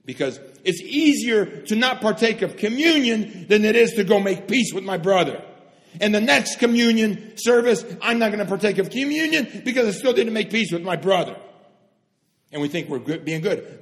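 A man preaching a sermon with fervour, swinging from loud emphatic stresses to hushed, solemn lows. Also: expressive, normal speed. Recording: long hall reverb.

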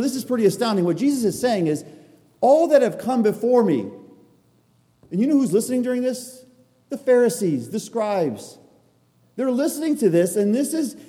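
A man's voice: sits high, mellow. A man preaching an expository sermon, earnest and emphatic, driving points home by repeating them. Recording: long reverb of a large hall.

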